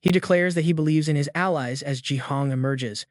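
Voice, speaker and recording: A man with a slightly higher voice tells a story recap in a steady, dramatic way. The recording is close and dry, with no room sound. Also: a little fast, no room sound. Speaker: recap narrator. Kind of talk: scripted story recap narration.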